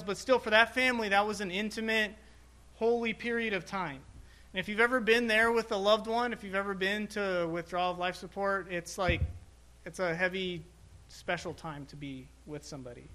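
High, bright-voiced man preaching a story. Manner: halting, reflective, many restarts and fillers. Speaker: hospital chaplain preaching. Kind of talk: personal story in a sermon.

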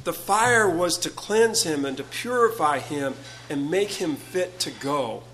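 A man preaching a sermon, earnest and halting, often repeating words as he builds a point. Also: a little high, animated, a bit bright, faint music behind, rough recording.

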